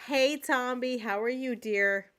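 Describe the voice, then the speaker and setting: A woman's voice: fairly high pitch, slow pace, fairly bright tone, clear, resonant tone. Woman, stream host, casual chat, teasing, laughs often, greets viewers by name.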